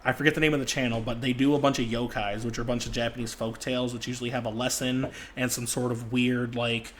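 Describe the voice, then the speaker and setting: A man's voice: medium pitch, level tone, quick pace, fairly bright tone, a little hiss or hum. Joking young man, rambling podcast chat. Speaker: podcast co-host. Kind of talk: casual chat.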